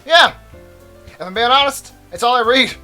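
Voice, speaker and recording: A man's voice: extremely high pitch, animated, moderate pace, loud music behind the voice, pitched above the performer's own voice. A man voicing a snappy, bratty tsundere girl from a visual novel, snarling and defensive as he reads her lines during a let's play. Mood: grudging.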